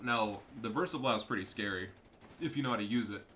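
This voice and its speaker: A man's voice: lowish voice, brisk, a bit bright. A man giving profane, trash-talking commentary over a strategy game match. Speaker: gameplay commentator.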